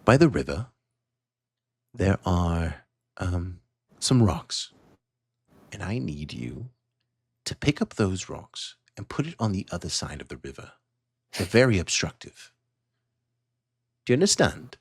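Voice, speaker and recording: A man voicing a brisk male overseer who gives curt orders. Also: deep voice, big pitch swings, creaky, breathy edge, no echo, clean studio sound, pitched above the performer's own voice, heavily acted. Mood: commanding. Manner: curt commanding instructions. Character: brisk bossy male overseer handing out tasks.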